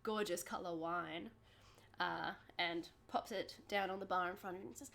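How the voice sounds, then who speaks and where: A woman's voice: fairly low pitch, normal speed, vocal fry, fairly bright tone. A woman game master narrating a tabletop game in a descriptive, meandering way with many fillers.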